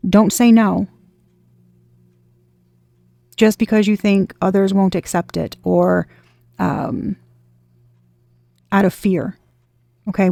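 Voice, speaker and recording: Gravelly-voiced woman giving an emphatic tarot reading. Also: mid-range voice, dark tone, no echo, clean studio sound. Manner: emphatic, repetitive, swears freely. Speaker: tarot reader. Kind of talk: casual tarot reading to the collective.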